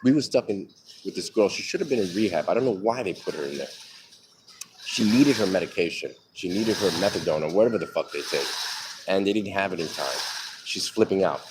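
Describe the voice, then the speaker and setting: Low-voiced man rambling candidly over street traffic. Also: animated, fairly quick. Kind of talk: live personal storytelling.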